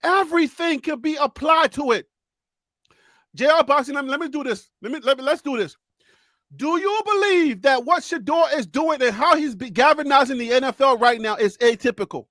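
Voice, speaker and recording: A man with a Liberian accent hosting a live sports debate, excitable, repeating words and laughing often. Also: very high-pitched, moderate pace, no room sound, studio quality. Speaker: host.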